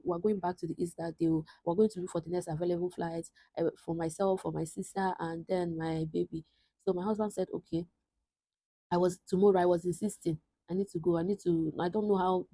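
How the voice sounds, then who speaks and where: A young woman in her twenties speaks with a husky, mellow voice that sits a little low. She talks to camera in an earnest, reflective way, pausing and restarting as she works through a personal story. The sound is close and dry, with no room around it. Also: dry recording, poor audio. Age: 20s. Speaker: vlogger.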